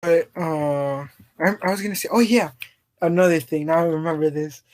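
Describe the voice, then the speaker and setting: A man's voice: fairly high pitch, steady tone, moderate pace, darkish tone. A man co-hosting a podcast in casual chat, telling a story in a rambling way, stumbling over restarts and laughing often. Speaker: podcast co-host.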